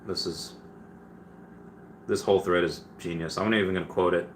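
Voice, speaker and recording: A man's voice: low voice, fairly even intonation, normal speed, a little hiss or hum. A man hosting a casual livestream, reading viewer questions aloud and answering them with many fillers and restarts.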